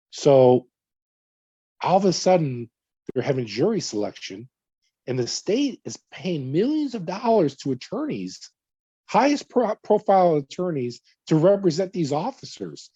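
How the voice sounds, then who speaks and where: A middle-aged man from California recounts his past in an interview, slipping into quoted dialogue and stumbling over repeated words. His voice is dark and husky. The recording is dry and a little muffled. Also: on the high side, big pitch swings, normal speed, no echo. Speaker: whistleblower guest. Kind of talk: conversational storytelling interview.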